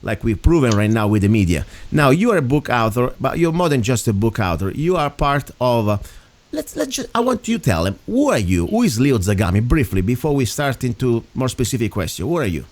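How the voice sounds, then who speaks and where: A man's voice: medium pitch, big pitch swings, fairly quick, darkish tone. A man with an Italian accent hosting a local talk radio show, speaking earnestly and rambling between points. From Italy. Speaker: radio host.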